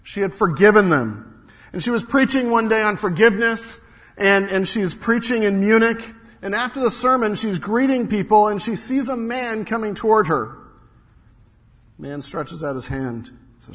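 A middle-aged man preaching a sermon as pastor, telling stories and moving between raised emphasis and hushed, low passages. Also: animated, moderate pace, big-room sound. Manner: storytelling, swings from raised to hushed.

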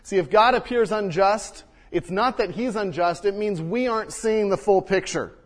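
A man preaching a sermon and reading scripture, swinging between loud emphasis and hushed quiet, recorded in a church sanctuary. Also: high-pitched, moderate pace. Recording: long reverb of a large hall.

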